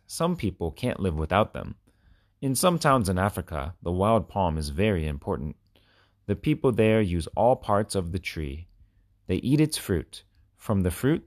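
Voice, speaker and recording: A deep-voiced man reads children's stories aloud in a clear, expressive storybook manner. His pitch swings widely as he goes, and the recording is close and dry with no room sound. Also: dry recording. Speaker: reader.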